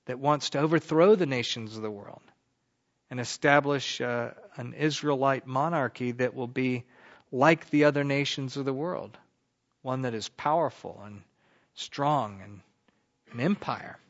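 A man teaches a Bible lesson in the manner of a sermon, conversational and easygoing. He swells into louder emphasis on key words, then drops back down. The recording is muffled and lo-fi. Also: medium pitch, measured pace. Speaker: pastor teaching a Bible class. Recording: dull lo-fi recording.

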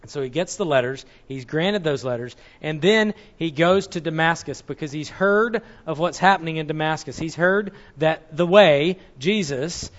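Man teaching a sermon in a dull recording. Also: fairly high pitch. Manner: explanatory, corrects himself mid-sentence. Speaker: Bible teacher.

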